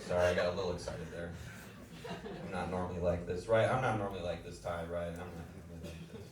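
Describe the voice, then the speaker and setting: Low-voiced man doing rambling stand-up. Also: level tone, quick pace. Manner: rambling, self-deprecating, loose delivery with asides to the crowd. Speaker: stand-up comedian. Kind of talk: stand-up comedy set. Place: comedy club stage. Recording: echoey room, distant mic, audible room noise. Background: audience laughter.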